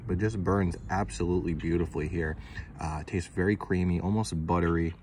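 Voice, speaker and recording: Low, flat-voiced man reviewing cigars. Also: a little fast, noisy background. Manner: laid-back, repeats words, swears casually. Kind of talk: casual video review.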